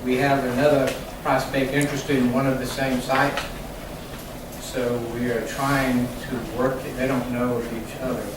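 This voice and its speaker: A man calmly laying out business prospects and deals in a formal meeting, explaining each item step by step. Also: medium pitch, a little slow. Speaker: development staff presenting prospects. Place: large meeting room. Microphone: distant room mic. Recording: echoey room from far off, faint noise.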